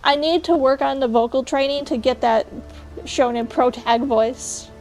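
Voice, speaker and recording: A woman's voice: high-pitched, a little slow, a little mellow, soft background music. A young woman streaming, chatting casually and ranting bluntly with jokes to her chat. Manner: blunt, joking rants to chat.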